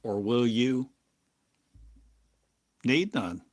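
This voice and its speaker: Slow, husky older man musing spiritually. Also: medium pitch, expressive. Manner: drawn-out, halting phrases with long pauses. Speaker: spiritual teacher. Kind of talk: slow meditative spiritual monologue. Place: home in a small town, drinking coffee.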